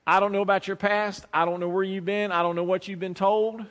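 High-voiced preacher in a reverberant hall. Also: male voice, little pitch movement, fairly quick, fairly bright tone. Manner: emphatic, storytelling with acted quotes, repeats phrases. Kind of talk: sermon with personal story.

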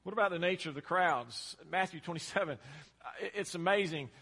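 A man's voice: sits high, fairly quick, sharp tone, slightly rough. A man preaching a sermon, talking emphatically and repeating himself for effect. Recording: long hall reverb.

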